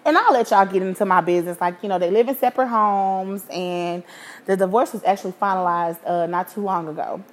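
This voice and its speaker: A woman's voice: mid-range voice, fairly quick. Candid, profane woman in her thirties. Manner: frank, profane, animated. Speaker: podcast host. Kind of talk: candid storytelling.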